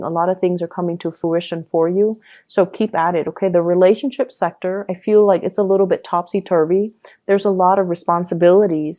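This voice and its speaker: A woman's voice: fairly low pitch, dark tone. A woman giving a casual pick-a-card tarot reading, talking loosely with fillers and frequent "okay?" check-ins. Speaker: tarot reader.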